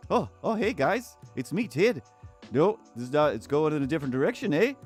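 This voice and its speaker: A man's voice: on the high side, very animated, a little fast, soft background music, voice pushed up. A man voicing Ted, a laid-back surfer guy with a put-on Canadian accent that drifts toward Irish or Scottish, who keeps tacking on "eh". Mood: chummy, laid-back. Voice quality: ends sentences with a chummy "eh". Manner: easygoing and chatty, urging everyone to relax.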